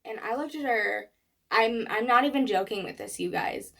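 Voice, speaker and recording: A woman telling a personal story in a vlog, animated, acting out what people said. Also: a little high, normal speed, vocal fry. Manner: animated storytelling with acted quotes. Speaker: vlogger.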